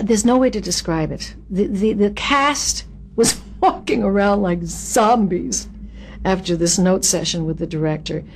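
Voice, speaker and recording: An older woman tells backstage anecdotes from her acting career in an interview. She is animated and self-mocking and laughs at her own stories. Her voice sits at an ordinary middle pitch for a woman. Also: slightly rough.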